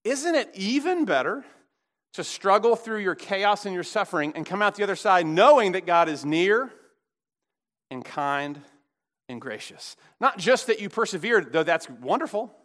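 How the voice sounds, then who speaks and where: Animated, bright-voiced male preacher. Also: sits high, moderate pace. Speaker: pastor. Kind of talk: sermon.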